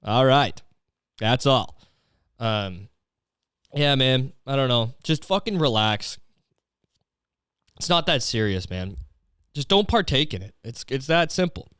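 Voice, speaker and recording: Young man, podcast host, sarcastic swearing rant, smooth clear voice, dry close sound. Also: mid-range voice, animated, takes it slowly, long pauses, fairly bright tone, dry recording. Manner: profane, sarcastic, ranting. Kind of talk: solo comedic rant.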